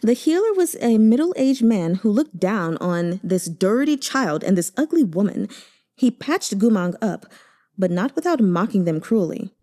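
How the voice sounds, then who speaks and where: A woman narrating a novel aloud with expressive, emotive delivery. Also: mid-range voice, measured pace. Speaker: audiobook reader.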